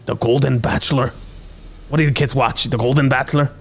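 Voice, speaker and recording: A man's voice: mid-range voice, steady tone, brisk, slight background noise, close to an everyday voice. A man voicing a goofy, defensive middle-aged dad who blusters and jokes at his kids. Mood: blustering. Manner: blustering, joking, exaggerated.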